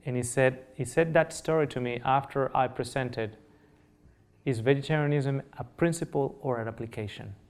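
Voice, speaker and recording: A man's voice: a little high, darkish tone. A middle-aged man whose first language is Spanish, giving a public nutrition lecture in earnest storytelling style, repeating phrases and checking in with the audience.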